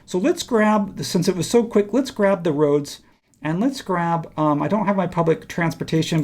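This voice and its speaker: A man teaching a software design tutorial, thinking aloud casually as he works on screen. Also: a little high, vocal fry. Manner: relaxed, thinking aloud while working. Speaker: instructor.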